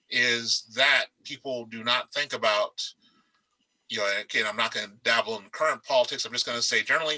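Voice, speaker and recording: Bright-voiced man chatting on a panel. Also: medium pitch, poor audio. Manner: animated, rambling, emphatic. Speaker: author on a panel. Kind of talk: casual panel discussion. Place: darkened room.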